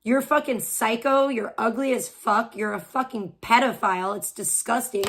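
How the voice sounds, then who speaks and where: A woman's voice: a little high, moderate pace, hardly any pauses, fairly bright tone. A woman live streamer ranting crudely, hurling insults and rambling on. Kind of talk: profane livestream rant.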